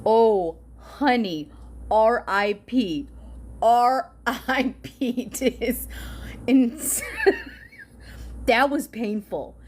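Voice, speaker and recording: A woman's voice: a little high, very slow, long pauses. A woman vlogger in a casual, profane reaction monologue, often laughing and exasperated. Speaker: political vlogger.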